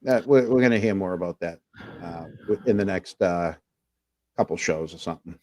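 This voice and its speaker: A man's voice: low-pitched, a little fast, a little mellow. A man co-hosting a casual livestream talk show, rambling through viewer comments with plenty of fillers. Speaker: podcast co-host.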